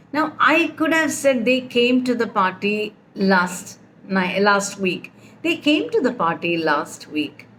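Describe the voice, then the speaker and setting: A woman's voice: a little high, slight background noise. A woman teaching a grammar lesson, patiently explaining with repeated example sentences. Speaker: English teacher.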